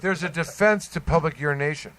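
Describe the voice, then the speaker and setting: A man's voice: a little high, brisk, a crowd in the background, poor audio. Joking man hosting a podcast. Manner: joking, teasing banter. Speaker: podcast host. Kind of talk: casual podcast chat.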